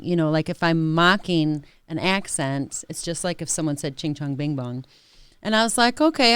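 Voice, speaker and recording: A chatty woman talks casually on a podcast, her voice low and smooth. She sounds close and dry, with no room around her. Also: no room sound. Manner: chatty, drops into mimicked accents. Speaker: podcast co-host.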